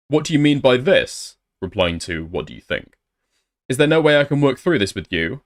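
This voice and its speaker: A man's voice: mid-range voice, sing-song, moderate pace. Sarcastic male commentator, blunt, reads messages aloud.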